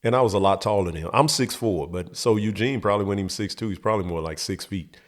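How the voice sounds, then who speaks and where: A man's voice: fairly low pitch, fast. A middle-aged man hosting his show, telling a comic story in a loose, profane, laid-back way. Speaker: host.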